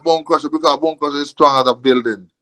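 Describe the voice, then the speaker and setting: Animated Jamaican man telling a story. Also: fairly high pitch, fast, poor audio. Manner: animated, profane, repeats words and says okay often. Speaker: guest telling a boxing story. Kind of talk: casual storytelling.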